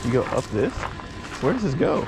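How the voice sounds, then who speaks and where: A man's voice: mid-range voice, big pitch swings, brisk, loud music behind the voice. A man casually vlogging on a hiking trail, talking to his viewers as guys, joking and chatty. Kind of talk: casual travel vlog. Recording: noisy outdoor recording.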